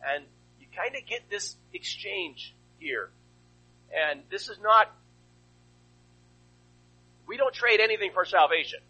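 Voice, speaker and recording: A man's voice: high-pitched, lively intonation, slow pace, long pauses, pushed and bright, husky, low-quality recording. A male pastor preaching a sermon, asking rhetorical questions and retelling a story with animation.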